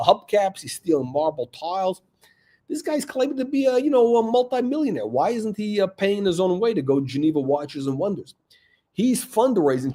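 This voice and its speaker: A man's voice: fairly high pitch, darkish tone. A man hosting a watch channel, ranting in a mocking, rambling way with lots of fillers. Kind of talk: mocking commentary rant.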